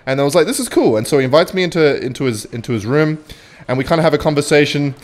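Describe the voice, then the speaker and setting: A man's voice: a little high, rapid-fire. A young man telling a rambling, self-mocking anecdote while commenting on his own gameplay, with frequent swearing. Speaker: gaming channel host. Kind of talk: storytelling over gameplay commentary.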